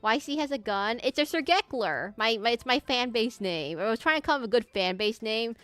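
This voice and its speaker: A woman's voice: on the high side, lively intonation, brisk, fairly bright tone, clean tone, no room sound, soft background music. A woman streamer chatting casually with her viewers while she draws, rambling and amused at herself. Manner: rambling, self-amused, talks to chat. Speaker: streamer drawing requests live. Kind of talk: casual live-stream chat while drawing.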